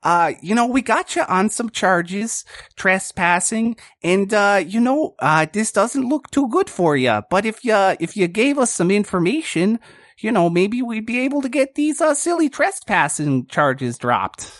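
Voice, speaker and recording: A man's voice: sits high, sing-song, a little slow, fairly bright tone, no echo, studio quality, pitched above the performer's own voice, heavily acted. A man voicing a friendly pig police officer who talks in a folksy, drawling way with lots of hesitations. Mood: coaxing. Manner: folksy, drawling, many "uh"s and "there"s.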